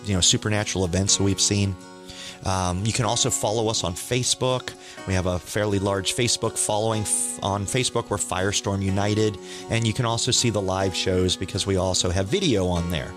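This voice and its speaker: Middle-aged male podcast host, earnest storyteller, low-set voice over faint music. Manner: earnest, eager, acts out quoted dialogue. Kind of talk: testimony storytelling.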